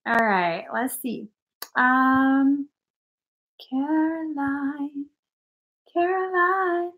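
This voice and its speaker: A woman's voice: sits high, animated, extremely slow, long pauses. A young woman chatting casually on a livestream as a spiritual energy reader, giggly and playful, swearing now and then.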